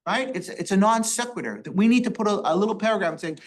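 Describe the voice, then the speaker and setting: Man, rabbi, Torah class, high voice, rhetorical questions, Hebrew quotes. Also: animated, fast, few pauses. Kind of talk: Torah study class teaching. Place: synagogue classroom.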